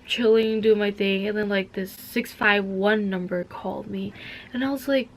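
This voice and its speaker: A woman's voice: medium pitch, fairly even intonation, normal speed. A young woman from Minnesota talking casually to camera in a vlog, rambling with lots of "like" fillers. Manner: rambling, heavy use of "like". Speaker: vlogger. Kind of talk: casual chat.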